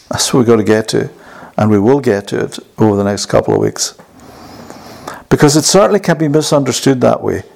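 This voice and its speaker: A man's voice: mid-range voice, vocal fry, darkish tone. A man teaching a Bible lesson in a conversational way, often asking his listeners questions. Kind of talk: sermon.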